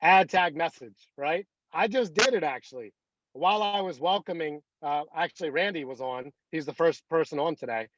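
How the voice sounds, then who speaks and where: A man's voice: fairly high pitch, normal speed, a bit bright, no room sound, dull audio. A man in his thirties leading a motivational team call over video, talking in a rambling, anecdotal way full of fillers. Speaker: team leader.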